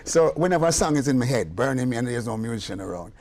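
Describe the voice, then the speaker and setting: A man's voice: mid-range voice, quick pace. An older man with a Jamaican accent, a musician telling stories in a casual interview, acting out the voices in his tales. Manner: animated storyteller, acts out quoted dialogue. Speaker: guest musician and producer.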